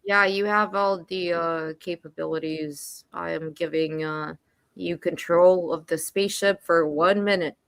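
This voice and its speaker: A woman's voice: fairly low pitch, steady tone, unhurried, gravelly, clean tone, no room sound. A woman hosting a casual livestream, laid-back and bluntly teasing. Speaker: livestream host.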